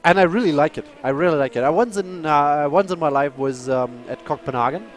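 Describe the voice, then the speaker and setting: A man who speaks natively, chatting and commentating a live sim race, excitable and apologetic. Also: on the high side, fairly quick, a little hiss or hum. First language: German.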